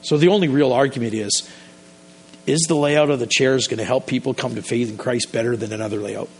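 A man's voice: medium pitch, fairly quick, breathy edge. A man pastor preaching a sermon in a conversational, storytelling way, often restarting his sentences.

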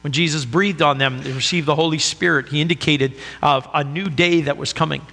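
A man's voice: a little high, fairly even intonation, brisk, gravelly, sharp tone, in a large hall. A man preaching a sermon as a pastor, in an earnest, conversational way.

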